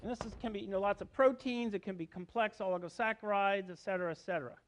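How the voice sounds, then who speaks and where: In a lecture hall, a fast-talking middle-aged man whose voice sits high explains university biology step by step. He often stops to question his students and check in, with a frequent "okay?".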